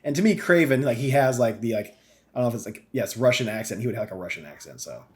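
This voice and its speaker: A man co-hosting a gaming podcast rambles through his take, full of ums and casual swearing. He gets animated when something bugs him. His voice sits at an ordinary middle pitch. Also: fast talker. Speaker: podcast co-host. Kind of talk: casual chat.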